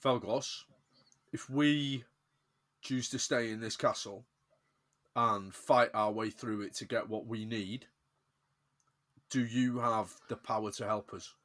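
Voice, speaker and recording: A man's voice: lowish voice, steady tone, slow pace, long pauses, a bit bright. Man playing a tabletop game. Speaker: player. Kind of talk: casual tabletop game play.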